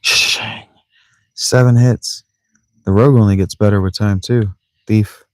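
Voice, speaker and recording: A man with a lowish voice chatting his way through a video game, rambling and joking to himself and mangling words for fun. He talks from a sleeping bag in a tent. The sound is dry and close. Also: steady tone, moderate pace, dark tone, dry recording. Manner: rambling, joking self-talk with playful mispronunciations. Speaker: let's play streamer. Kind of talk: casual gameplay commentary.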